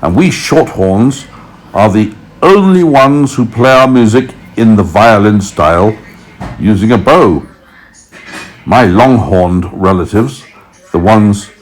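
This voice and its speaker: A courtly old grasshopper, as a storytelling man puts him on, lecturing with polite pride. His low, husky voice rises and falls a lot, and he takes his time. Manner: polite, slightly pompous lecturing. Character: old male grasshopper musician, courtly and proud.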